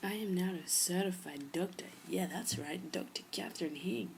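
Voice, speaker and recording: A young woman chatting to camera in a rambling, casual way, her low voice full of gravelly fry. She drops into whispers now and then for emphasis, with a faint hiss underneath. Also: normal speed, few pauses, a little mellow, low-quality recording. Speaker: vlogger. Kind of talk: casual storytelling vlog.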